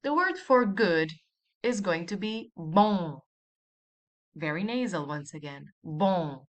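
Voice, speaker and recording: A woman teaching a language lesson, speaking slowly and clearly and repeating model words for the listener. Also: fairly low pitch, expressive. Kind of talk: scripted language lesson narration.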